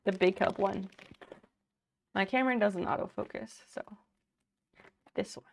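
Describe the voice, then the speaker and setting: A woman's voice: mid-range voice, measured pace, creaky, slight background noise. A woman livestreamer chatting casually at home, thanking viewers by name while sewing.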